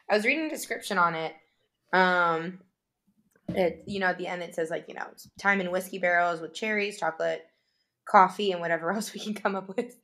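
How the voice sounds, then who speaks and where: Bright, lower-pitched woman, chatty. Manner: giggly, with many "like"s and "um"s. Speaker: guest. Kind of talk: casual chat.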